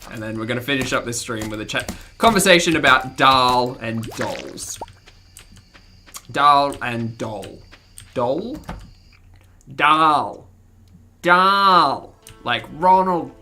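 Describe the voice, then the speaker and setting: A woman's voice: extremely low pitch, animated, moderate pace, pushed and bright, soft background music. An Australian woman with a mild accent, chatting casually with her livestream audience and laughing often as she reads the chat. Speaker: streamer.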